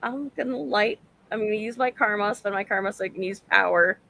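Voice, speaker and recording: A woman playing a tabletop game, talking excitedly and chattily with lots of fillers. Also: medium pitch, fairly quick, gravelly. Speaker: player. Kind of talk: casual tabletop play.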